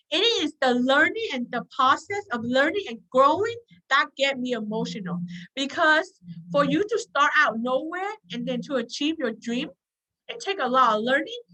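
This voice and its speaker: On poor audio, a high-pitched woman with a pushed, bright voice leads a self-help workshop. Earnest and repetitive, she frequently checks in with her listeners by saying "okay?".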